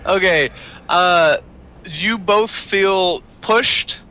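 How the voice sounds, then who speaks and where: A man's voice: sits high, very slow, sharp tone. A man running a tabletop game as game master, narrating with many hesitations. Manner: hesitant, lots of uh, laughs often.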